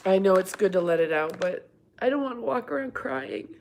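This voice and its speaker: A woman's voice: mid-range voice, lively intonation, fairly quick, a little mellow, a little hiss or hum. A middle-aged woman hosting a casual livestream from home, chatting and rambling as she answers viewers by name. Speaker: livestream host. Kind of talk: casual live-stream chat, reading viewer comments.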